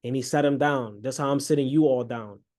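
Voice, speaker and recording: A young man preaching a story-sermon, acting out the excited son in a high voice and the father in a low, slow one.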